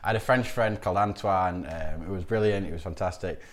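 A man with a very deep voice tells stories as a podcast guest. He rambles, breaks off mid-sentence and laughs often, in a relaxed, chatty way. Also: fairly quick, a little hiss or hum. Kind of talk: casual interview storytelling.

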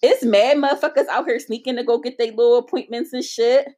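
Woman podcast cohost cussing a lot, lively stories, kinda high voice. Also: fairly quick. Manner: profane, animated storytelling. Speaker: podcast co-host. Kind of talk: casual chat.

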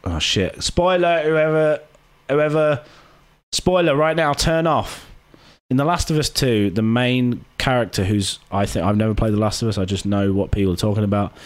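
A man's voice: mid-range voice, moderate pace. A man hosting a casual podcast, rambling and joking, swearing often. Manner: swears a lot, rambling and jokey. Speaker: podcast host. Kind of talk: casual chat. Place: hot indoor room.

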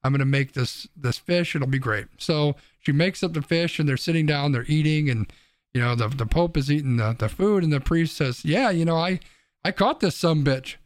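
A man hosting a casual podcast, rambling through a long joke and tripping over his words as he goes. His voice sits a bit high for a man and sounds close and dry, with no room around it. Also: normal speed, dry recording. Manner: rambling, restarts, laughs at own jokes. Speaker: podcast co-host.

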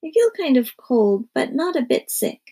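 A woman's voice: sits high, sing-song, normal speed, dark tone, breathy edge, pitched above the performer's own voice, exaggerated voice. A woman voicing a dramatic young girl who bursts into tears and wails her protests in a storybook reading. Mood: sheepish. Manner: wailing, tearful protests.

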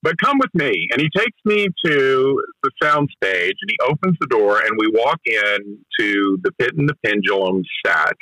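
A man with a bright, forceful voice tells behind-the-scenes stories in an interview. He talks eagerly and keeps restarting his sentences as he goes. The sound is close and dry. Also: fairly low pitch, lively intonation, normal speed, few pauses, no room sound, low-quality recording. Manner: enthusiastic storyteller with frequent restarts. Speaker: film director recounting a production. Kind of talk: conversational interview anecdote.

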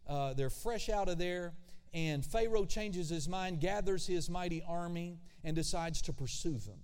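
A man preaching a sermon as pastor, animated, with conversational asides and acted-out voices. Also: sits high, measured pace, clean tone. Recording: long hall reverb.

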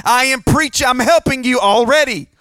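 A man's voice: extremely high pitch, normal speed, bright, forceful tone, no echo. A middle-aged man, preaching a sermon with humorous stories and calls to the congregation for a response.

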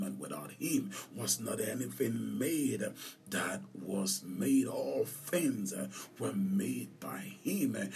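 A man's voice: medium pitch, creaky, recorded from a distance. A man preaching a sermon, emphatic and repeating key phrases for stress.

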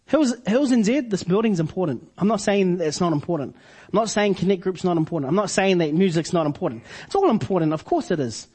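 A man delivers a sermon. His voice sits high for a man and has a husky, breathy edge. He leans on slow, deliberate repetition to drive his points home. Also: lively intonation, warm tone. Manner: preaching with slow emphatic repetitions. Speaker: pastor.

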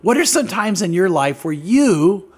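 A man's voice: sits high, big pitch swings, unhurried, slightly rough. A middle-aged man, a pastor, retelling a Bible story in an earnest, conversational way and asking his co-host questions. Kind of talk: conversational preaching.

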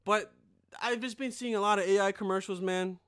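A young man with a high, bright voice delivers a casual comedic rant. He talks like a podcast host, rambling and swearing freely, and breaks into loud, animated impressions. His tone is sharp and forceful. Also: a little fast, clear, resonant tone. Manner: rambling, profane, full of filler; animated, bursts into yelled impressions.

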